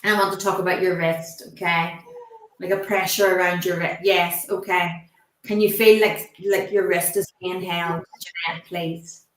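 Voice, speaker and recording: A woman's voice: on the low side, level tone. Woman medium, echoey room. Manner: halting, gently reassuring, asks permission often. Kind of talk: live mediumship demonstration. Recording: roomy echo.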